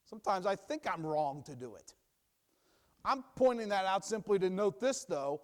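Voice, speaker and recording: A young adult man teaching from the Bible in a sermon, emphatic and repetitive, dropping low and quiet for asides. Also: sing-song, moderate pace. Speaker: preacher.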